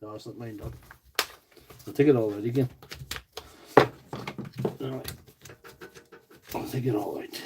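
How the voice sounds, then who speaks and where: A man's voice: medium pitch, steady tone, a little slow, long pauses, very noisy. A man from County Tyrone with a Northern Irish accent, chatting casually on a tool repair livestream, joking and answering viewer comments while he works. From Northern Ireland. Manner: chatty, joking, rambling asides while working.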